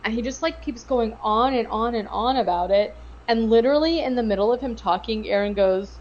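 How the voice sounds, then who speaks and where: A woman co-hosting a podcast, recapping a show in casual chat with profane, sarcastic, animated retelling. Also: fairly high pitch, fairly quick, dull audio. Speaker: podcast co-host.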